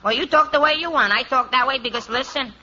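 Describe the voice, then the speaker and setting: A man doing 1940s radio comedy with a high, whiny comic voice. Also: fast, heavy background noise. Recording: dull lo-fi old radio recording.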